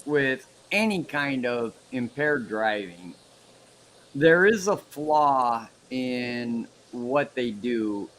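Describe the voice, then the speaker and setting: A man's voice: mid-range voice, slight background noise, rough recording. A man in casual livestream chat, voicing strong opinions with frequent stumbling restarts. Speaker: livestream participant.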